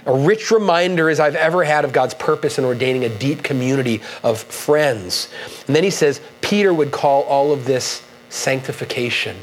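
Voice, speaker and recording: A man preaching a sermon, earnest and halting, with many restarts, reading quoted passages with rising emphasis. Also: medium pitch, a little hiss or hum, rough recording. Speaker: pastor.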